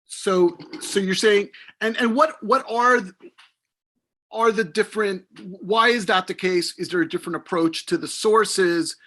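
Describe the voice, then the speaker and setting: Slightly high-voiced male interviewer. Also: measured pace, sharp tone. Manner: rambling questions with fillers. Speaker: interviewer and professor. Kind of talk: hosting an author interview.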